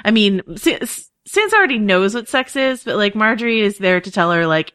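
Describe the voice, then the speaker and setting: A woman co-hosting a podcast in casual chat, chatty and quick to laugh, with lots of fillers. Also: fairly low pitch, a bit bright, smooth, dry recording, studio quality. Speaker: podcast co-host.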